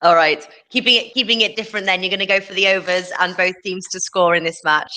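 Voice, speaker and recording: A woman hosts a relaxed betting panel over a call. Her voice is bright and clear, and she talks in a chatty way that is often broken by laughter. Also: fairly low pitch, fast talker, rough recording. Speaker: host. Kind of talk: casual betting panel chat.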